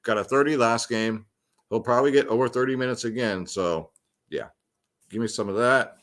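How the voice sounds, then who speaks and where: A man's voice: mid-range voice, moderate pace, a bit bright. A young man hosting a fantasy sports picks show, talking loosely and slangily with lots of ums and side remarks. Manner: loose, slangy, chatty with many ums and asides. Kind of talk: casual slangy picks breakdown.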